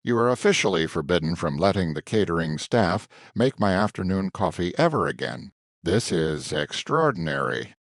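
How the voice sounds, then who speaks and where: A man's voice: sits low, no room sound, clean studio sound, heavily acted. A man doing a poised, shrewd woman assistant. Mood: measured, earnest. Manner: calm, measured, warning in a hushed tone.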